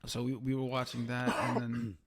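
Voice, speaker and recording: A man's voice: medium pitch, completely flat delivery, moderate pace, background noise. A man co-hosting a podcast, recapping a show in a rambling, casual way with lots of fillers. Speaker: podcast co-host. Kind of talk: casual review chat.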